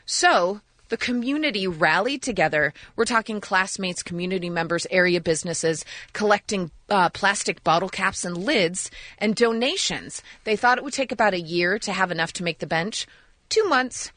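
A woman's voice: medium pitch, expressive, moderate pace, a bit bright, no room sound. A woman co-hosting a radio show, telling an upbeat good-news story with enthusiasm and light teasing. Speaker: radio co-host.

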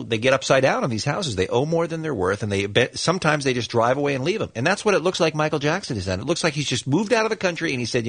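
A man hosting a morning radio talk show, brisk and teasing as he takes calls and leads the chat. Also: medium pitch, a bit bright, husky, dry recording.

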